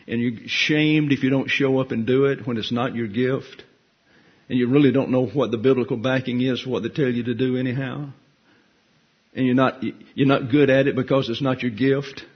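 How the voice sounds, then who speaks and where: Husky man preaching folksy sermon. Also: mid-range voice, flat delivery, normal speed, muffled recording. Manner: humorous, conversational, self-deprecating asides. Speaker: pastor teacher.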